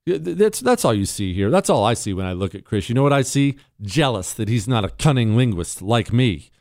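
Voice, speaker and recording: A man's voice: mid-range voice, big pitch swings, fairly quick, darkish tone, dry recording. A man hosting a talk radio show, delivering a mocking monologue full of rhetorical questions into a close studio mic.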